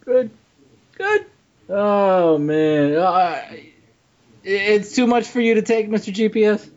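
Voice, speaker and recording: A man's voice: sits high, lively intonation, slow, darkish tone. A man hosting a casual comedy podcast, laughing often and stammering as he talks. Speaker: podcast host. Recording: dull lo-fi podcast audio.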